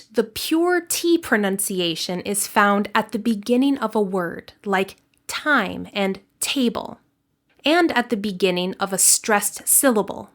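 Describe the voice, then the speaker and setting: A woman teaching an English lesson in a clear, deliberate scripted narration, slowing down to model example words. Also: a little high.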